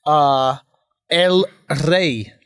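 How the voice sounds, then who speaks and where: A man with a fairly high voice hosts a loose podcast hang, laughing and pushing the others along. His sound is dry and close, with no room around it. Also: very slow, smooth, no echo. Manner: bossy, laughing, urging others on. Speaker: podcast host. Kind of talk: casual chat.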